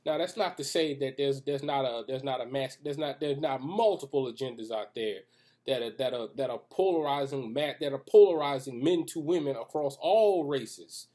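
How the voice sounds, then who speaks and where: Talking at normal speed with a dark tone and medium pitch, this Christian video commentator offers an informal sermon to camera. He tosses in joking asides and keeps restarting sentences, all in an echoey room.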